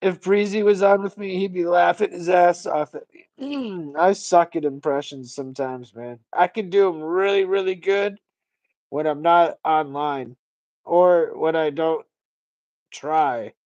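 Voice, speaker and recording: A man's voice: sits high, measured pace, a little mellow, no echo, low-quality recording. A man hosting a casual livestream, talking in a rambling, profane, ranting way. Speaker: livestream host.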